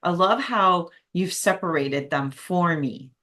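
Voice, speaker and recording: A woman's voice: fairly low pitch, animated, takes it slowly. A woman hosting an interview podcast, responding with open enthusiasm and sharing things from her own life. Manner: warmly enthusiastic, candidly personal. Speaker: podcast host. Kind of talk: interview conversation.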